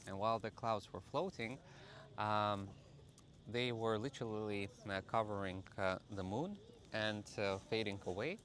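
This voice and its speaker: A man telling a personal story to camera in a halting way, with many filler pauses. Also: on the low side, a bit bright. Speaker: vlogger.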